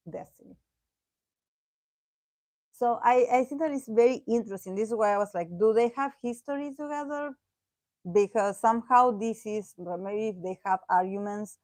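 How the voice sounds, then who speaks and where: A woman talks through a tarot reading in a loose, chatty way, laughing often and restarting her sentences. Her voice sits at a middling pitch and is recorded close and dry, with almost no room sound. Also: darkish tone, no echo. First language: Spanish. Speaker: tarot reader. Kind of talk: casual tarot reading commentary.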